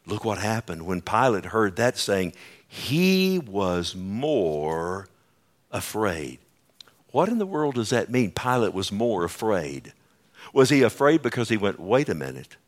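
A man preaching a sermon, swinging between loud emphasis and hushed, slow lines, asking the congregation for responses. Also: fairly low pitch.

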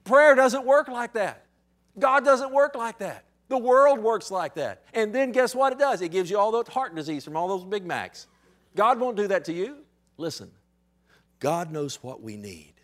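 A man preaching a sermon to a congregation with impassioned emphasis, asking rhetorical questions and swinging between loud declarations and hushed intensity. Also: high-pitched, expressive, normal speed. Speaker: pastor.

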